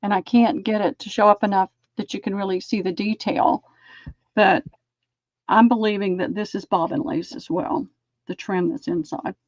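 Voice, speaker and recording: A woman hosting a live-stream sale, chatting and describing lace items slowly. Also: mid-range voice, fairly even intonation, no echo, dull audio.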